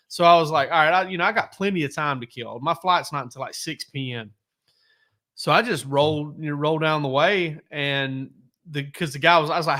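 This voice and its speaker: Bright-voiced man telling rambling stories. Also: on the high side, fast talker. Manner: rambling, many fillers and restarts; laid-back, joking. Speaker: sports reporter. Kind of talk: casual podcast storytelling.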